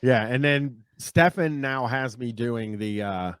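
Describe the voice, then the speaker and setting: A man's voice: mid-range voice, takes it slowly, fairly bright tone, smooth, no echo. A man hosting a casual podcast in a mid-range voice. He rambles and pokes fun at himself. The sound is close and dry, with no room sound. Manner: rambling, self-mocking. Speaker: podcast host. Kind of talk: casual chat.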